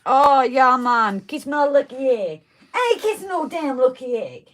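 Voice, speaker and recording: A woman's voice: high voice, very animated, measured pace, a bit bright, voice pushed up, heavily acted. A woman voicing a boisterous young male bobsledder from a film in a clowning, sing-song mock Jamaican accent. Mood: boastful.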